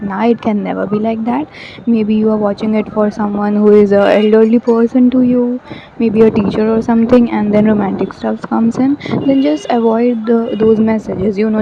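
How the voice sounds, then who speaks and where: A woman's voice: on the high side, dull audio, background noise. A woman from India giving a casual, rambling tarot reading, chatty with many fillers. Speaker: tarot reader.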